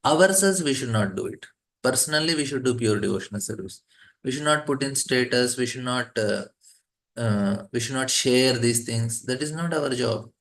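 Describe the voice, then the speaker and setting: A man gives a devotional scripture class and tells stories as he goes. He speaks conversationally, often laughing, with many restarts and fillers. His pitch sits in a middling male range. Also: animated, moderate pace, a bit bright. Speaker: scripture teacher.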